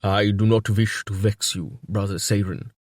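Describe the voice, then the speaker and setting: A man's voice: lowish voice, steady tone, moderate pace, dry recording, studio quality, lightly acted. A man reading a proud, suspicious king who presses his questions earnestly in an audiobook. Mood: suspicious, pressing. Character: proud foreign male king, suspicious and defensive.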